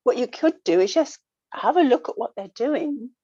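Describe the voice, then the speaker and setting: A woman talking earnestly in a casual reflective way, coaching gently and repeating her phrases. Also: on the high side, animated, moderate pace, breathy edge, no room sound. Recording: dull lo-fi dry sound.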